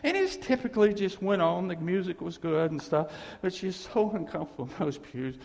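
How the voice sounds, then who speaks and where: A middle-aged man preaches in a church sanctuary, his storytelling sermon a stream of rambling, folksy tales and laughing asides, echoing with a long hall reverb. His voice sits high and sounds animated, a little fast, gravelly and darkish.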